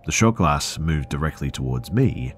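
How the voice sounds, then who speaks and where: A man narrating listener stories for a horror podcast in a measured, earnest storytelling way. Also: rumbling low, lively intonation, soft background music.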